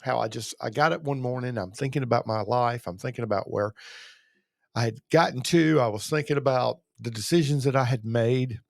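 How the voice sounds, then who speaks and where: A man's voice: medium pitch, fairly quick, gravelly, dry recording, studio quality. A middle-aged man from Georgia with a Southern accent, talking casually to camera as a channel host, rambling with fillers and restarts. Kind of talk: casual motivational talk to camera.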